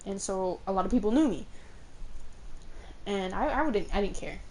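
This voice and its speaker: A young woman telling stories casually on her stream, in a soft, mellow voice. She rambles through her tales, leaning on filler words, cursing casually and laughing along the way. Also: medium pitch, moderate pace, slight background noise. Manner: swears freely and laughs often. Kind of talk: casual storytelling while gaming.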